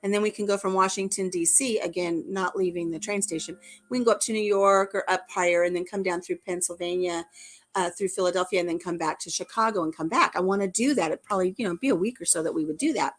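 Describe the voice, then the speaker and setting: A woman's voice: on the low side, quick pace. Chatty woman hosting a live stream. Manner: chatty, playful, rambling with laughs. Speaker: livestream host. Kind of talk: casual chat.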